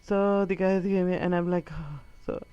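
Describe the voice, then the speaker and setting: A woman from Colombia doing stand-up, telling a story in a profane, animated way and acting out the people in it. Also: lowish voice, normal speed, clear, resonant tone, no room sound. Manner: animated, profane, acts out quotes. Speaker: stand-up comedian. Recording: dull lo-fi recording.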